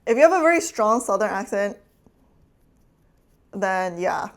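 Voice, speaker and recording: A woman's voice: mid-range voice, expressive, unhurried. A woman streamer chatting casually with her chat while cooking, teasing and laughing often.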